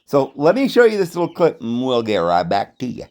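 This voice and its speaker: A man's voice: mid-range voice, wildly swooping pitch, a little fast, a little mellow. A man giving a sardonic, meandering video commentary.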